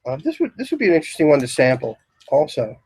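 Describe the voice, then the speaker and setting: A man giving a casual, rambling talk on incense in a shop, describing scents with many pauses. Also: on the high side, wildly swooping pitch, darkish tone, slightly rough, no echo, poor audio. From Philadelphia area, US. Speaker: incense store lecturer. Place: shop, indoors.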